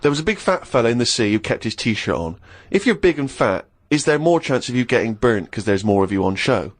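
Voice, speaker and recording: A man co-hosting a comedy chat show, reading a diary aloud in a deadpan way. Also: medium pitch, a little fast. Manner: deadpan reading, breaking into laughter.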